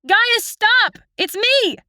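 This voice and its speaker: A woman's voice: high-pitched, very animated, unhurried, a bit bright, no room sound, clean studio sound, pitched above the performer's own voice, full character voice. A woman voicing a guilt-ridden young female fairy who pleads urgently in an audiobook. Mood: desperate pleading.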